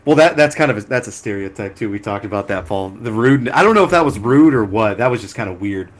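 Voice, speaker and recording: A man's voice: fairly low pitch, animated, quick pace. Podcast co-host, male, chatty storyteller who rambles through anecdotes with frequent laughter. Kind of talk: casual chat.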